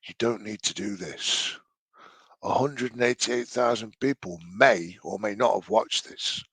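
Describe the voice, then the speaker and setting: A man's voice: on the low side, measured pace, fairly bright tone, breathy edge, no echo. Sarcastic, sweary man commenting dryly. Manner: mocking, exasperated, sweary. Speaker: reaction commentator.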